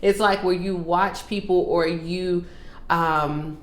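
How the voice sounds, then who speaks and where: A woman's voice: lowish voice, fairly even intonation, takes it slowly. Woman vlog host, sassy and teasing, answers viewer questions in an echoey room. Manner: sassy, teasing, calls viewers girl and sis. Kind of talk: casual Q&A vlog.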